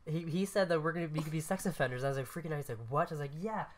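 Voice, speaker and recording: Rapid-fire and fairly high-pitched, this male podcast co-host spins a story in casual conversation with background noise behind him. He meanders, stops to fix what he said, and cracks himself up.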